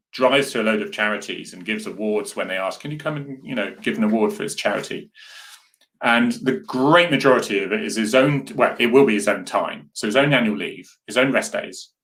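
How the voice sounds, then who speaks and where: Earnest, rambling man, low voice. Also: pushed and bright. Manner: rambling, earnest, with many restarts and asides to viewers. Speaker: host. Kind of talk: casual live chat reading viewer comments.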